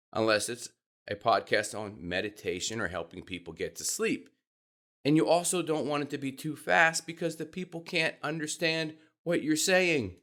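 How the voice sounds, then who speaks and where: A man giving podcast speaking tips to camera, expressive and demonstrating changes in pitch and pace as he explains. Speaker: podcast coach. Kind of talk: instructional talk to camera.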